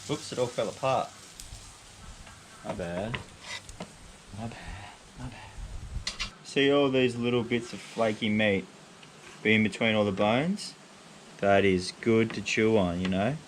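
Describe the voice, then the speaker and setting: An easygoing man with a somewhat low voice walks viewers through grilling fish at an outdoor barbecue. He talks in a casual, brash way with a bit of mild swearing, like a vlog host showing his mates how it's done. A faint hiss of noise sits under his voice. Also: normal speed. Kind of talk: casual cooking demonstration.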